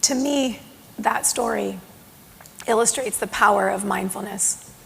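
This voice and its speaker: A woman giving a conference keynote on mindfulness to a live audience in a large hall, telling stories with lively acted-out quotes. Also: medium pitch, unhurried, gravelly, a little hiss or hum. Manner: animated storytelling with acted quotes. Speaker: mindfulness speaker. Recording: long hall reverb.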